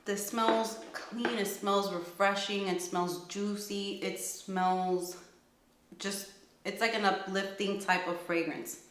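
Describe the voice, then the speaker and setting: A woman's voice: medium pitch, fairly even intonation, takes it slowly, a bit bright, a little hiss or hum. A woman casually reviewing perfumes, enthusiastic and gushing, thinking aloud as she describes each scent. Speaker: fragrance reviewer. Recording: echoey room.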